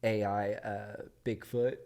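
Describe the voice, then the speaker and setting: A man's voice: fairly low pitch, flat delivery, takes it slowly, vocal fry, mellow. A young man hosting a podcast, telling stories in a laid-back, casual way and laughing often. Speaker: podcast host. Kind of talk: casual chat. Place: podcast studio.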